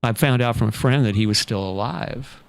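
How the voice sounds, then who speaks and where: A man telling a long personal story in a relaxed, anecdotal way, full of fillers. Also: medium pitch, moderate pace, gravelly, clear, resonant tone. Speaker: podcast guest, author. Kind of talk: casual storytelling.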